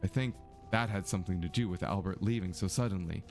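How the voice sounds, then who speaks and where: A man's voice: low voice, fast, darkish tone, soft background music. A man voicing an earnest young woman amateur detective in a mystery game, reading her dialogue steadily in his own voice.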